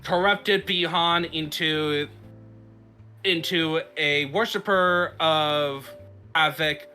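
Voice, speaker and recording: A man hosts a casual podcast, recapping a story in a loose, rambling way full of fillers and restarts. His voice sits a little high and sounds forceful. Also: steady tone, drawn-out words, faint music behind. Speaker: podcast host.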